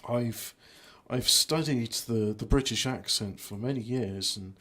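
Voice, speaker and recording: A man's voice: medium pitch, measured pace, pushed and bright. A man giving rambling, self-mocking commentary while playing a video game. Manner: self-mocking, trailing off, lots of restarts. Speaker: gameplay streamer.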